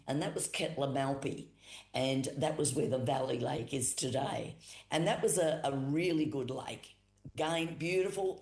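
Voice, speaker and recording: An Australian storyteller from Boandik country, telling a creation story in an unhurried, repetitive way with pauses and emphatic retellings. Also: mid-range voice, a little mellow. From Boandik country, South Australia. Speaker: Aboriginal storyteller and cultural educator. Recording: echoey room.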